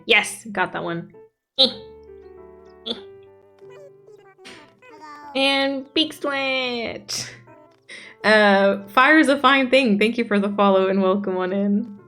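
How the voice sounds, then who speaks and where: A woman's voice: mid-range voice, fairly bright tone. A woman streamer chatting casually as she plays, reading out chat messages and gushing over the game. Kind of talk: casual chat while gaming.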